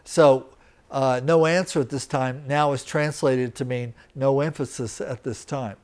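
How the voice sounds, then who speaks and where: In a teaching center room, a man lectures live with a steady, medium-pitched voice. His delivery is slow and deliberate, working through each step and pausing to make sure the students are following.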